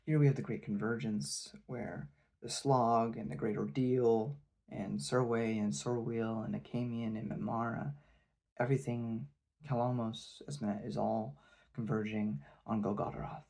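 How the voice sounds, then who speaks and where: A man's voice: mid-range voice, flat delivery, unhurried, vocal fry, dark tone. A man giving a rambling, hesitant spoken review of a fantasy novel. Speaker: book reviewer.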